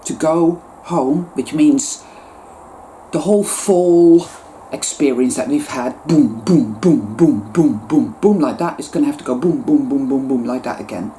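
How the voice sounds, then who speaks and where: A woman with a low, mellow voice delivers an intense spiritual monologue to her channel. She swears freely and hammers words over and over for emphasis, swinging between soft murmurs and sharp outbursts. A faint hiss of noise sits under the recording. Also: measured pace. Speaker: YouTuber.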